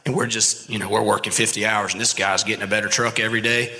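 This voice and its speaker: A man, a landscaping business owner, giving energetic pep-talk advice as the guest of a live podcast. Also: lowish voice, fast. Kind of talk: live podcast interview before an audience. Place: large expo hall with live audience. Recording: long hall reverb.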